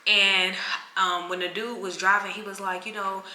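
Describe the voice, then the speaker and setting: A young woman tells an animated, casual vlog story and acts out the people she quotes. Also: medium pitch, moderate pace, roomy sound, slight background noise. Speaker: travel vlogger.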